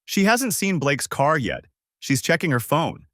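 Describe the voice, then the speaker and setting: In an audiobook, a man voices a tense young woman who urgently reports what she sees in a hushed play-by-play. He pitches his voice fairly high, above his own, with big pitch swings at a measured pace. The recording is studio quality with no echo.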